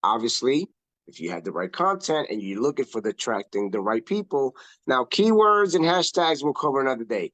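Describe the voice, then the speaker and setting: A man coaching on social media in a casual online talk, emphatic and animated, often repeating himself for effect. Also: mid-range voice, fairly quick, creaky, dry recording. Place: online video call. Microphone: video call.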